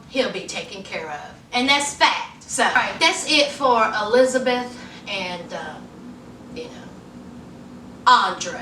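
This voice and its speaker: A woman recaps a reality show in a sassy, chatty vlog, talking straight to her viewers with plenty of y'all and honey. Her voice sits high and bright. She is recorded from a little way off in an echoey room with faint noise behind her. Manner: acts out quoted people in a higher voice. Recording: echoey room, mic at a distance.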